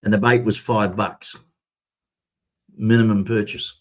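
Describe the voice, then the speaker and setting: Fairly low-pitched and flat, at a measured pace, an older man tells a rambling, repetitive story straight to his viewers. This vlogger keeps it casual and chatty, calling them ladies and gentlemen.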